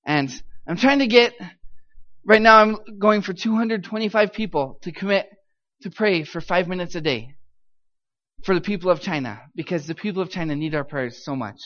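A young man from the United States speaks in a high voice, relating a church testimony with animated emphasis. The recording sounds dull and lo-fi, as if captured in a church hall. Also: moderate pace. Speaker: missionary speaker.

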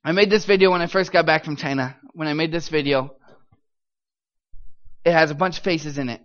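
A young American man giving a lively testimony in a church as a missionary speaker, telling his story with emphatic, animated delivery. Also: a little high, brisk, lo-fi sound. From United States.

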